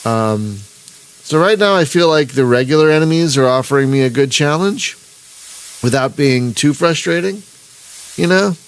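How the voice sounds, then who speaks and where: A gaming channel host streams live, rambling casually over his gameplay, interrupting himself, restarting, and chuckling. His voice sits on the high side, with lively intonation, a moderate pace, and a clean tone.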